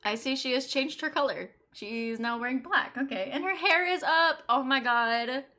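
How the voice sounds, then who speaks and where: A woman's voice: high-pitched, moderate pace, sharp tone. A woman streamer chatting casually and swearing as she plays through a game. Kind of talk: casual game playthrough chat.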